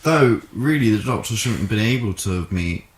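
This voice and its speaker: A man's voice: fairly low pitch, lively intonation, a little fast. A man co-hosting a casual fan review podcast, chatty and jokey as he wraps up the episode. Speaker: podcast co-host. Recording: echoey room.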